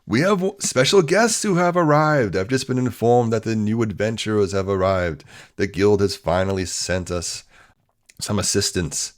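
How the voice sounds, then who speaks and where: A man voicing an effusive, portly, well-dressed older gentleman who hosts a party. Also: normal speed, close to an everyday voice. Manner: booming, effusive welcome. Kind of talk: tabletop role-play character voice.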